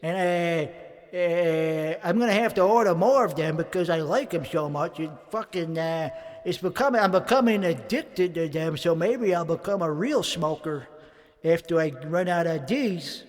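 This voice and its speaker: A man's voice: fairly high pitch, moderate pace. A man rambling through a profane, mock-boastful comedic monologue, a bit winded and out of breath. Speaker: comedic streamer.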